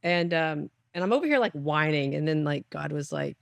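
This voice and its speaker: Storytelling woman, lowish voice. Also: a little fast, creaky, no echo, studio quality. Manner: animated storyteller, acts out voices. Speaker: ketamine clinic founder. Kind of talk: personal storytelling.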